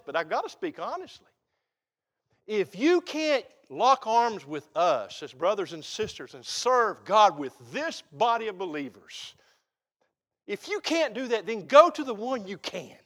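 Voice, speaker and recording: Man, pastor, high-pitched voice, folksy emphatic sermon. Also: a bit bright. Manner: folksy, emphatic preaching with rising exclamations.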